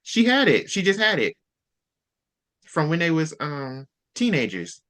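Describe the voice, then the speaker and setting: Host, male, casual book chat; animated storyteller who acts out lines. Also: fairly high pitch, unhurried.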